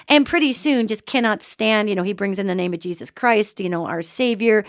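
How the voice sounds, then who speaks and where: A woman hosting a podcast and telling a ghost story in an animated, emphatic, casual way. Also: medium pitch, brisk, hardly any pauses, no room sound, clean studio sound. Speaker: podcast host. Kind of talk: storytelling talk on spirits.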